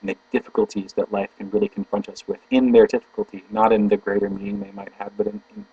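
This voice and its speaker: A man with a husky, slightly breathy voice reads philosophy aloud with slow, deliberate emphasis, then drifts into halting, searching commentary. The recording is dull and lo-fi, with a faint mains hum under a dry, close sound. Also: fairly low pitch, fairly even intonation, dry recording. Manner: halting, searching for words mid-sentence; slow, deliberate emphasis when reading passages. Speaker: video blogger reading philosophy aloud. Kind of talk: reading aloud then thinking out loud.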